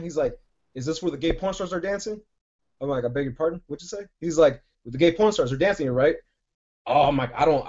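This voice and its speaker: A man's voice: on the high side, highs cut off. A man co-hosting a podcast, telling a long rambling story full of profanity in casual chat. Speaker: podcast co-host.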